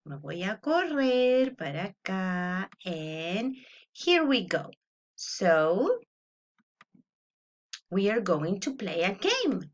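A woman teacher giving a playful online lesson to young children, slow and animated, imitating animal sounds. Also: mid-range voice, highs cut off, a little hiss or hum.

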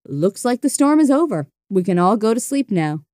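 A woman voicing a father, calm and matter-of-fact, in her own voice. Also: medium pitch, normal speed, dry recording, clean studio sound, lightly acted. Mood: reassuring.

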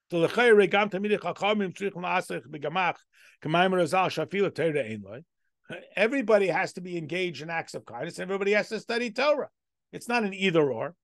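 In a clean studio recording with no echo, a man with a high, slightly bright voice teaches a Torah lesson as a rabbi. He reads Hebrew text aloud, then translates and explains it step by step, posing rhetorical questions along the way.

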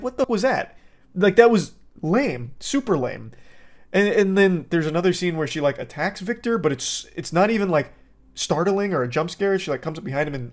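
A man hosting a movie review, talking sarcastically and rambling with many fillers. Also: a little high. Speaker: host.

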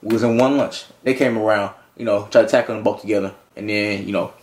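A man's voice: fairly low pitch, steady tone, fast, a little mellow, slight background noise. A young man in a comedy skit, telling a story and then bursting into profane, panicky outbursts. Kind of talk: acted horror comedy skit.

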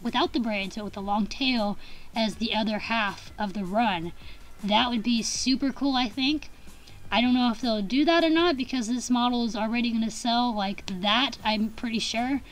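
A young woman with a slightly high voice talks through her collection in a loose, rambling vlog. She gushes and giggles, trips over her words and restarts her sentences often. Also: rough recording. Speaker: collector vlogger. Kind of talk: casual rambling review.

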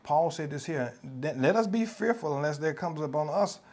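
A man's voice: fairly high pitch, lively intonation, moderate pace, darkish tone. Passionate Southern US preacher man. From United States. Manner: passionate, emphatic, repeats phrases, acts out quoted voices. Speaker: pastor. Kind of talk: sermon.

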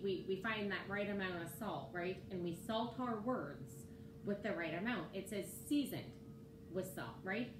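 A woman preaching a casual sermon, talking conversationally and often checking in with her listeners. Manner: conversational, keeps asking "right?" to the listeners. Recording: roomy echo with faint rumble.

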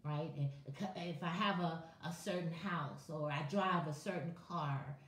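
A woman's voice: low voice, measured pace, roomy sound, distant mic. A woman preaching to her viewers on a morning live stream, impassioned and conversational, calling on people by name. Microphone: webcam or phone on a live video.

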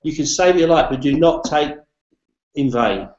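A man's voice: fairly high pitch, normal speed, darkish tone. Blunt British man on echoey call. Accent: British English. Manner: blunt, jokey, salesy. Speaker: business presenter. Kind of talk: casual online hangout chat. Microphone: video call. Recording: echoey, dull lo-fi web call audio.

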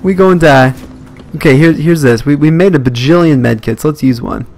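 A man's voice: a little high, moderate pace, gravelly, darkish tone. A young man commentating a live horror game stream, jumpy and swearing at scares. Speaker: let's play streamer.

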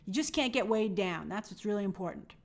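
A woman's voice: medium pitch, lively intonation, a little fast, darkish tone. A young woman hosting a movie live stream, chatting upbeat and reading out viewer comments.

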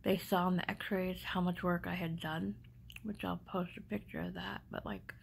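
Woman, middle-aged, toothless speech, heavy vocal fry, emotional rambling vlog, faint background noise. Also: lowish voice, steady tone, measured pace, darkish tone, low-quality recording. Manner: emotional, rambling, often drops to a whisper. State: speaking without teeth after extractions. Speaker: vlogger. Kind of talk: personal storytelling vlog.

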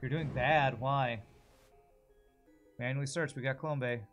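A man in a casual live-stream commentary, talking through his moves and chatting with viewers in a middle-pitched voice. His tone is relaxed and conversational. Faint game music plays behind him. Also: unhurried. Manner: chatty, thinks aloud and answers viewer messages.

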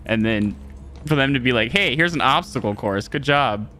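A streamer giving live gameplay commentary, excitable, laughing often, swearing and talking to chat. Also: mid-range voice, normal speed, slight background noise.

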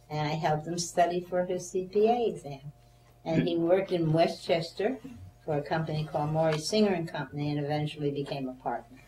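A low-pitched older woman relives her memories for an oral history interviewer, voicing the people in her stories and laughing often as a lively storyteller. A faint hum, an echoey room, and a slightly off-mic sound mark the recording.

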